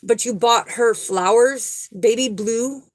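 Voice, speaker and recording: A woman's voice: a little high, slow, no room sound, rough recording. A woman giving a spiritual reading straight to the viewer, earnest and soothing, repeating key words for emphasis. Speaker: spiritual card reader. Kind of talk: psychic reading, spoken to the viewer.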